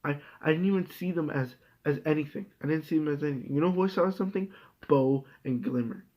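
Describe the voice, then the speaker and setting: Young guy ranting and cursing about a show, kinda high voice, dull lo-fi mic. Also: fast talker. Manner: ranting, exasperated, profane. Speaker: host. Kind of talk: casual rant review. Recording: dull lo-fi home recording.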